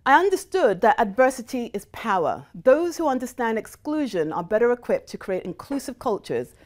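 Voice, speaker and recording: A woman's voice: fairly high pitch, sing-song, normal speed. A middle-aged woman who grew up in the United States, giving a motivational talk to a live audience and telling stories animatedly, slipping into the voices of people she quotes. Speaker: guest speaker.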